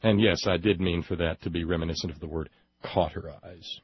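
Sarcastic talk radio guy, lowish voice, dry close sound, kinda muffled. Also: steady tone, slightly rough, no echo. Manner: sarcastic, emphatic, slows down for emphasis. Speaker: political talk show host. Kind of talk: opinionated political commentary.

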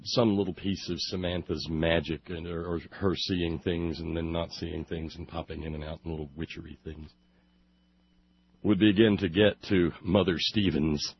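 A man's voice: deep voice, steady tone, normal speed, husky, dry recording. A man telling a long sarcastic monologue, building to comic outbursts. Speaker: radio commentator. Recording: muffled lo-fi recording.

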